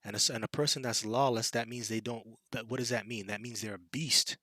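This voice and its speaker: A man preaches scripture with a bright, forceful edge, scornful and taunting as he warns his listeners. The sound is dry and close, with little room around his voice. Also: medium pitch, fairly even intonation, fairly quick, no echo. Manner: fiery and taunting, with scornful impressions and laughs. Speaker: street preacher. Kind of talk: scripture sermon.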